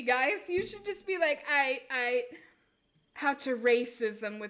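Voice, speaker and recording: A woman's voice: high-pitched, sing-song, slow pace, a bit bright. A woman live-streaming tarot readings, chatting casually in a giggly, self-mocking way while she keeps trying silly accents.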